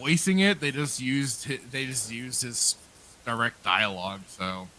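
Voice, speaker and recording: A man's voice: medium pitch, normal speed, crowd noise, low-quality recording. A man co-hosting a casual podcast, hesitant and hedging as he talks. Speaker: podcast co-host. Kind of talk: casual chat.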